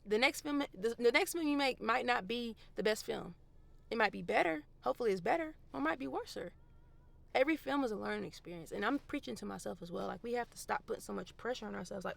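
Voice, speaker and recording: A young woman filmmaker in a casual vlog, thinking aloud about her plans, animated and self-encouraging. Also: fairly high pitch, fast talker, vocal fry. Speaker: vlogger and filmmaker. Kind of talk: casual vlog talk to camera. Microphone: camera mic.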